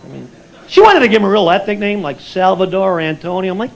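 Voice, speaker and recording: A man doing a stand-up routine in a comedy club, animated and slipping into baby talk and character voices. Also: sits high, fast, poor audio. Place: comedy club stage before a laughing crowd. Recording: live club recording with crowd laughter and noise.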